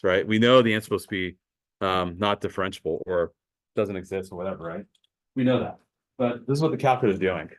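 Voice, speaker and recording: A man teaching a high school math class in a casual lecture, talking the students through calculator steps. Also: rough recording. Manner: casual, talks to students as guys, thinks aloud with fillers.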